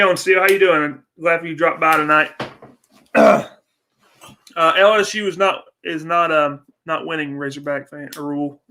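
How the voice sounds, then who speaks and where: A man's voice: fairly high pitch, bright, forceful tone. A young man hosting a casual livestream, ranting and swearing in frustration while chatting with viewers. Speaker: livestream host.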